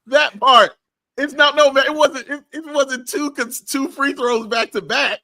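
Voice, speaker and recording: A man with a very high, bright voice rants on a sports talk show. He sounds fired up and keeps hammering the same phrases over and over. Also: measured pace. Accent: Chicago. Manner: animated, ranting, repeats phrases for emphasis. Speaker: sports podcast co-host.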